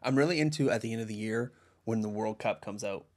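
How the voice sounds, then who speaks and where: A man's voice: lowish voice, quick pace. A young man co-hosting a casual hockey podcast, laid-back and agreeable, laughing easily. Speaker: podcast co-host. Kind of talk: casual chat.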